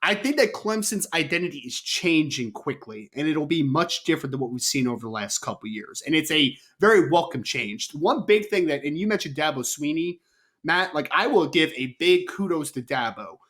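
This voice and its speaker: Podcast co-host, male, slightly raised pitch, assured and quick, stumbles and self-corrects. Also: animated, fairly bright tone. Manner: confident, rapid, corrects himself mid-sentence. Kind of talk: casual sports debate.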